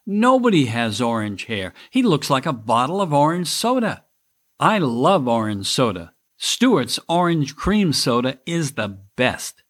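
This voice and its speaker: A man hosts his own podcast and reads a scripted political monologue. His delivery is wry and sarcastic, at an ordinary pitch for a man. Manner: wry, sarcastic, mock voices for critics. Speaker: podcast host.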